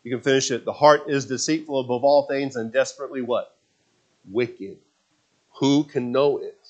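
A man preaching a sermon as pastor, swinging between loud emphatic passages and quiet, confiding asides. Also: mid-range voice, normal speed.

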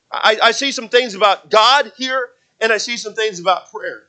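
A man preaching a sermon with a high, bright voice. He talks to the congregation in a relaxed, conversational way. He often repeats words as he goes and acts out little stories. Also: normal speed, hardly any pauses, poor audio. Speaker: pastor.

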